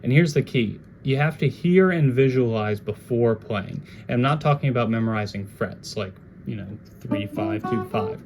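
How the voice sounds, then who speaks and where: A man giving a casual jazz guitar lesson, talking in a relaxed, conversational way and now and then scatting melodies. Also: medium pitch, normal speed, few pauses.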